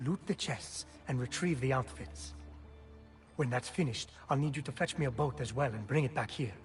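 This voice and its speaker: A man voicing a brisk Venetian thief lieutenant. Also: mid-range voice, faint music behind, close to an everyday voice. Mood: briefing. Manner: instructive, businesslike briefing. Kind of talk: video game cutscene dialogue.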